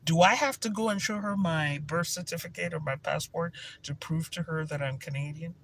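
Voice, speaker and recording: Energetic male spiritual teacher with a Nigerian accent, animated storyteller who laughs easily, a touch high-pitched. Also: moderate pace, gravelly, a little hiss or hum. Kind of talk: casual teaching talk to viewers.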